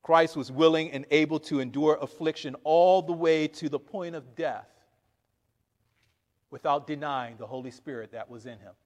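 Preaching at a moderate pace, a man with a high, bright voice reads scripture and performs its lines, tossing in animated asides and laughter. The hall's long reverb trails after every phrase.

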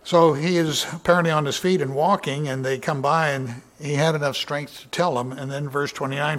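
A man teaching from the Bible in a sermon, reading passages with lifted emphasis and then explaining them plainly. He talks in an unpolished, conversational way, with fillers and restarts, and clears his throat now and then. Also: fairly high pitch, steady tone, a little fast, hardly any pauses, a bit bright. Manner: reads scripture aloud with raised emphasis, then explains casually with fillers.

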